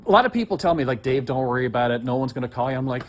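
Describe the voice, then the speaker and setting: A man's voice: medium pitch, animated, racing, a little hiss or hum. An agitated man ranting in heated, profane, rambling conversation as he makes a complaint. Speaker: complaining citizen.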